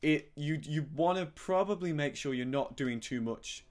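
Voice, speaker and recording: A middle-aged man teaching a harmonica lesson in a relaxed, gentle, explanatory way, sometimes humming syllables to show a sound. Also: on the high side, moderate pace. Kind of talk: relaxed spoken music lesson.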